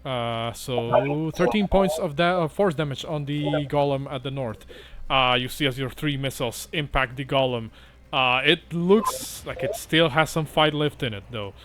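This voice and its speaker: A man narrating a tabletop game as its game master, pausing often to think. His voice sits at a middling pitch, and he talks in a halting, casual way. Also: noisy background. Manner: halting, many "uh" fillers.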